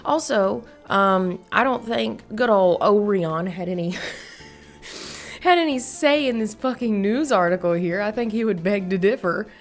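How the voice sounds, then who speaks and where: A woman's voice: medium pitch, unhurried, soft background music. A young woman chatting casually in a gaming vlog, blunt and sweary, laughing often. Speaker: gaming YouTuber.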